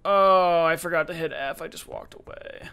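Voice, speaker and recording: A man's voice: fairly high pitch, steady tone, a little fast, creaky, fairly bright tone. A man giving casual let's-play commentary, chatty and self-mocking, talking to the game's characters. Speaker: gaming YouTuber.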